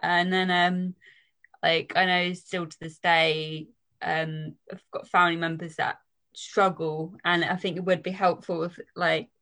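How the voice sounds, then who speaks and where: A woman's voice: fairly low pitch, flat delivery, a little slow, pushed and bright. A young woman sharing her own experience, hesitant, with many fillers and "like". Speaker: patient guest. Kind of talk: personal account.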